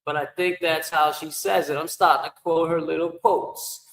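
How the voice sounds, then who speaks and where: A man's voice: a little high, steady tone, moderate pace, gravelly, fairly bright tone. A man livestreaming and chatting casually with viewers, rambling and joking as he talks back to the chat. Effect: shower-like echo effect. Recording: echoey reverb effect on voice.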